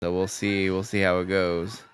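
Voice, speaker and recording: A man co-hosts a movie commentary and makes measured, wry observations. His voice is fairly low, and it sounds smooth and resonant. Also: little pitch movement. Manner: measured, dry and wry remarks. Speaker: podcast co-host.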